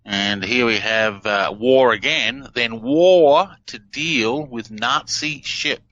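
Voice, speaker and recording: An excitable man, eagerly explaining things as a guest on a radio interview. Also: medium pitch, slow pace. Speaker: guest analyst. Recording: dull lo-fi audio.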